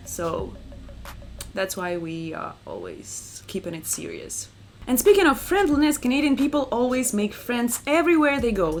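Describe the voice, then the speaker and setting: Chatty Russian-accented young woman. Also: fairly high pitch. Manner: chatty, animated, acts out quotes. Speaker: vlogger. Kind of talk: casual talk to camera.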